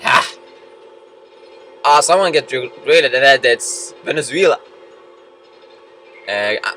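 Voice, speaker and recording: Young male gamer, bright and animated, excitable, faint game music underneath. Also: mid-range voice, slow, long pauses. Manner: excitable, shouts and yells at the game. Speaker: let's play gamer. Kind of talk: game commentary. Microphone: computer mic.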